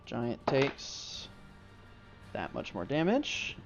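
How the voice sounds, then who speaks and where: Game master, dull lo-fi stream audio. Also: male voice, mid-range voice, wildly swooping pitch, very slow, gravelly, soft background music. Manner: loose, filler-heavy narration. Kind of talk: narrating a tabletop game.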